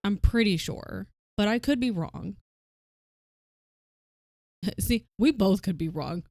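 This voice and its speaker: A woman from the American South with a softened Southern accent, chatting casually on a stream and swearing freely. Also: medium pitch, animated, slow pace, no echo. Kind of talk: casual chat while coworking. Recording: faint music behind.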